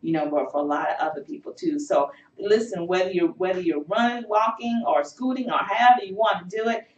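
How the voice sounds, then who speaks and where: A woman hosts a health segment in an encouraging tone full of fillers. Her voice sits a little low. The sound is dull and roomy, picked up from some way off the mic. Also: a little fast, distant mic. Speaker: host. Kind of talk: health show chat.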